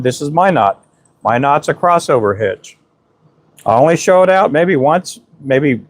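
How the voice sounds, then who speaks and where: A man hosting a casual livestream, chatting with viewers and demonstrating how to tie knots, saying "boom" as he works. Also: no room sound. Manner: talks while working with hands, says "boom" often. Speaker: livestream host teaching jig tying. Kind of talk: casual live-stream chat and tying demonstration.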